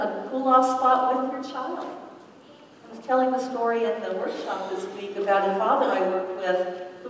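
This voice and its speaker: A middle-aged woman giving a parenting workshop talk, calm and explanatory, sometimes acting out what to say to a child. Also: a little high, slight background noise. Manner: calm, explanatory, acts out example phrases. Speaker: parenting educator. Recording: echoey hall, distant mic.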